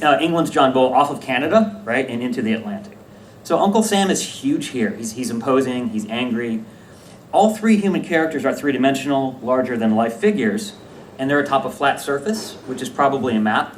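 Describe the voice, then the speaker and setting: A man giving a conference talk about slides, lively and self-correcting, often checking in with the audience. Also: mid-range voice. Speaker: academic conference presenter. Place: lecture room at a conference. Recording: echoey room, distant mic, faint hiss.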